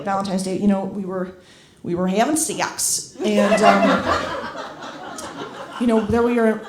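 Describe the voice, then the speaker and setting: A young woman doing stand-up on a club stage, rambling and self-deprecating, with a profane streak and sudden loud asides. Her mid-pitched voice rings through a roomy space. An audience laughs around her. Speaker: stand-up comedian. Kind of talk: stand-up comedy set.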